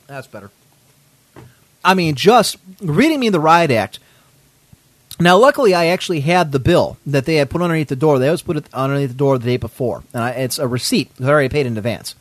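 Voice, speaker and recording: Man, podcast host, indignant storytelling, lively pitch, dry close sound. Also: fairly quick, no echo. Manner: animated, indignant, swears often. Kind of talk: casual storytelling.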